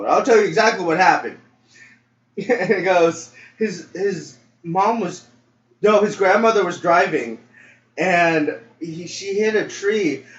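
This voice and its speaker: A young man co-hosting a podcast, telling a story casually, acting out quotes and laughing often. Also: high-pitched. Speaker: podcast co-host. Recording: roomy, distant, dull lo-fi mic with faint noise.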